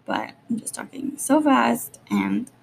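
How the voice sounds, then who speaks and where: Jittery young mom vlogging, gravelly edge. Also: female voice, a little high, wildly swooping pitch, slight background noise. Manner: rapid rambling, lots of "like", nervous. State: jittery and short on sleep. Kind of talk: casual vlog chat.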